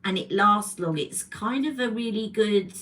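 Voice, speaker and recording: A woman's voice: mid-range voice, moderate pace, fairly bright tone, poor audio. A British woman hosting a casual makeup livestream from home, chatting and rambling as she greets viewers. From Britain. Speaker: beauty livestream host. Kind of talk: casual live makeup chat. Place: home room. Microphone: livestream camera mic.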